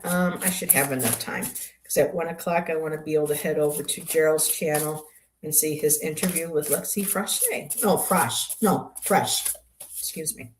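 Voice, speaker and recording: A woman's voice: sits low, slight background noise. An older woman hosting a tarot livestream, chatting casually and greeting viewers by name.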